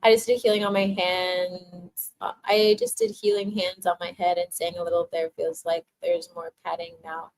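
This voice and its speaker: A young adult woman hosting a casual spiritual livestream, reading out viewer comments and giving tarot readings with frequent laughter and warm affirmations. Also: lowish voice, lively intonation, moderate pace, vocal fry, poor audio. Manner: bubbly, laughs often, emotional and affirming.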